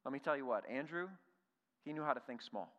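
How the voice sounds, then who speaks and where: A man's voice: mid-range voice, lively intonation, fairly quick, highs cut off. A male pastor preaching an earnest sermon, full of rhetorical questions and repeated words. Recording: reverberant hall.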